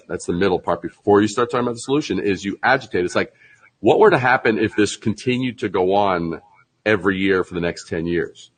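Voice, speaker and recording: In a low-quality recording, a man appears in an interview as a branding expert, laughing frequently, acting out pretend sales pitches, and explaining in a lively, conversational style.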